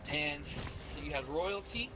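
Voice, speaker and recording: A man's voice: a little high, animated, slow pace, over loud music. An American man chatting casually on a stream, rambling and profane, with many restarts. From United States.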